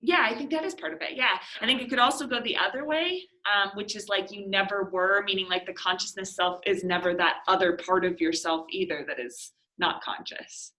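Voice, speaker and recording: Woman teacher, bright tone, reads passages slowly, asks questions, class discussion. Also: medium pitch, fairly even intonation, poor audio. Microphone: classroom recording.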